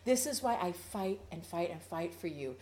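A woman teaching a verse-by-verse Bible study for women, playful and animated, acting out the quotes, then earnest and urgent when she exhorts. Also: on the low side, moderate pace. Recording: roomy echo.

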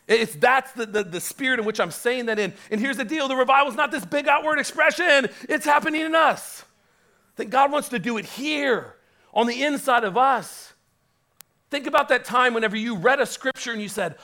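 A man preaching a sermon as pastor, impassioned and building to loud peaks, with frequent restarts. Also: high voice, a little fast.

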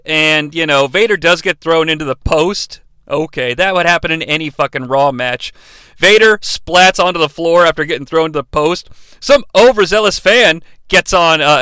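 A man's voice: fairly high pitch, bright, forceful tone, clear, resonant tone, no echo, studio quality. A man hosting a podcast, reviewing a wrestling match solo in a profane, sarcastic, mock-outraged way. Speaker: podcast host.

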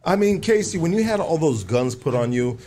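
A man hosting a podcast, telling a story in casual slang and acting out quotes with big jumps in pitch. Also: big pitch swings, a little fast, warm tone. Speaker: podcast host.

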